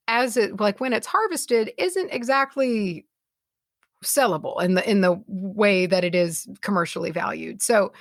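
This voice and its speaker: A woman's voice: mid-range voice, no room sound, clean studio sound. A woman co-hosting a podcast in casual chat, rambling and giggly, often correcting herself mid-sentence. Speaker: podcast co-host.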